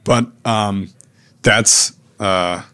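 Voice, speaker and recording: A man's voice: on the low side, steady tone, drawn-out words, pushed and bright, clean tone. A man, a chef and restaurateur, talking casually in an interview, blunt and laid-back, calling people "man" and "dude" and swearing now and then.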